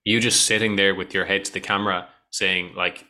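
A man and content creator in a casual podcast chat, explaining things quickly and laughing easily. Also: low-pitched, flat delivery, pushed and bright.

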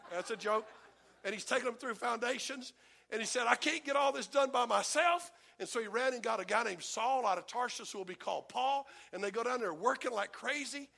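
A middle-aged male pastor preaching a folksy, animated sermon and acting out the voices of the people in his stories. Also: sits high, vocal fry.

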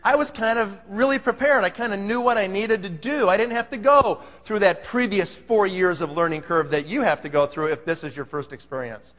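A man's voice: high-pitched, brisk, hardly any pauses, a bit bright. A man giving an emphatic, pumped-up motivational talk to a live audience, firing off rhetorical questions. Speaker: motivational speaker. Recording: long hall reverb.

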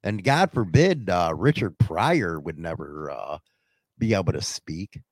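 A man's voice: low voice, expressive, measured pace, no echo. A man hosting a shock-jock radio show, brash and provocative, joking through banter with his co-host.

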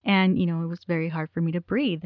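A woman's voice: on the low side, fairly even intonation, quick pace, dry recording, lo-fi sound. A woman in her forties telling a personal story in a candid, rambling way, with many fillers. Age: 40s.

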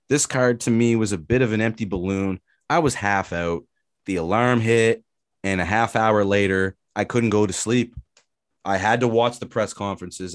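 A man's voice: fairly low pitch, dry recording, clean studio sound. A man co-hosting a casual sports talk show, ranting with energy and plenty of swearing. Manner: animated, profane ranting. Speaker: podcast co-host.

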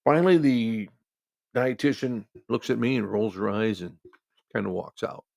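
A man's voice: mid-range voice, normal speed, vocal fry, a little mellow, dry recording. A man telling a rambling hospital anecdote in a casual way, with many restarts. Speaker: storyteller.

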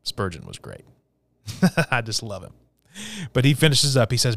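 A male pastor delivering a sermon with emphatic, lively preaching, often checking in with rhetorical questions. His voice sits at an ordinary middle pitch for a man. It is recorded dry and close, with hardly any room sound. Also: a little slow, gravelly, pauses often, no echo.

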